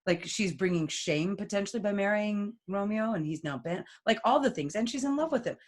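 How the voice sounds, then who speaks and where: A woman's voice: medium pitch, animated, a little fast. A woman talking casually and hesitantly about a play, with many fillers. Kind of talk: casual discussion.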